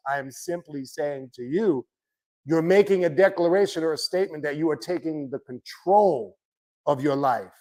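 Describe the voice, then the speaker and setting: A man teaching about the occult in a blunt, profane, impassioned lecture to his viewers. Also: on the high side. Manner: blunt, profane, animated ranting.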